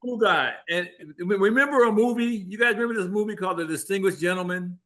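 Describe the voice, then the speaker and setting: Male panelist, high and bright, animated storyteller. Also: quick pace. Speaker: podcast panelist. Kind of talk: casual panel discussion.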